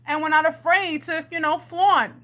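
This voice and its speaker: A woman from Brooklyn, doing a theatrical, rambling comedy monologue into a handheld karaoke microphone with an echo, calling her viewers "my friends" and "ladies and gentlemen.". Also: extremely high pitch, fairly even intonation, moderate pace. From Brooklyn, New York. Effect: karaoke mic echo. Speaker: comedy vlogger.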